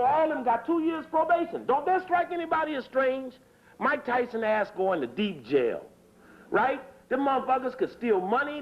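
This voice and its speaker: A man giving a fiery political lecture in a hurried, emphatic, profane way, repeating his phrases. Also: very high voice. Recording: dull lo-fi tape recording.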